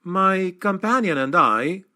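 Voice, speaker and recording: A man's voice: sits high, expressive, slow, pushed and bright, pitched above the performer's own voice, heavily acted. A man voicing a young human swordsman in an audiobook, earnest and wary.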